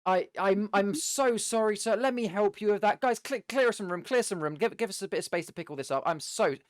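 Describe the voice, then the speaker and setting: A man voicing an over-the-top adventurer who keeps apologizing loudly. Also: sits high, fairly quick, voice pushed up, close to an everyday voice. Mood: flustered apology. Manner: loud, gushing, theatrical.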